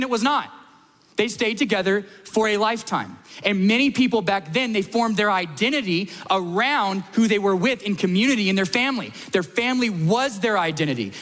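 A man's voice: sits high, fairly bright tone, in a large hall. A man preaching a sermon as pastor at a church service, emphatic, repeating lines and building to peaks.

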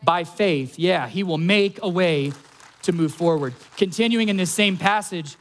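A young man preaching a sermon as pastor, earnest, slowing down on key phrases for emphasis. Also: high voice.

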